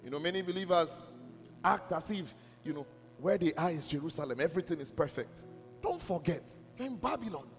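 Male preacher, high and lively delivery, insistent sermon, reverberant church hall with soft music. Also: brisk. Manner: emphatic, repeatedly asks if listeners are listening.

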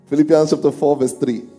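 A man's voice: on the high side, warm tone. A man preaching a sermon in a church, calling out questions to the congregation and lifting his voice to read scripture aloud. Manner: calls out questions to the congregation, lifts his voice when reading scripture. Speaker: pastor. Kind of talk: sermon with congregation reading along. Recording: music under a long echoing hall.

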